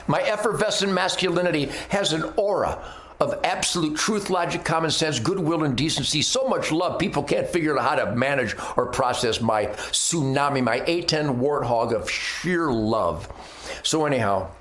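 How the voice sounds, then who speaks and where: A man's voice: a little high, lively intonation, moderate pace, fairly bright tone, a little hiss or hum. A man giving a brash, combative, boastful opinion rant as host of his own commentary segment. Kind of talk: ranting opinion monologue. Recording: roomy echo.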